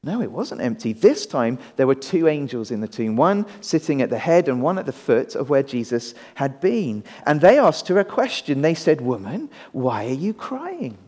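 A middle-aged man, a pastor, giving an animated children's talk in a sermon and often asking the audience questions in a large church hall. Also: mid-range voice, moderate pace, hardly any pauses. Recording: long reverb of a large hall.

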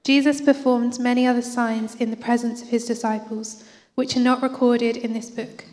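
A woman reading a Bible passage aloud in church, steady and even. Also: on the high side, moderate pace. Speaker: Bible reader. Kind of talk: scripture reading. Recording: church hall reverb.

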